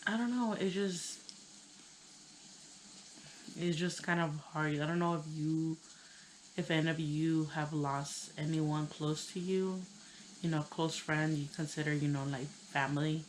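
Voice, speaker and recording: Low-voiced, tearful woman vlogger. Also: steady tone, a little hiss or hum, rough recording. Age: 30s. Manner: hesitant, halting, full of "you know". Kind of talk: personal storytelling.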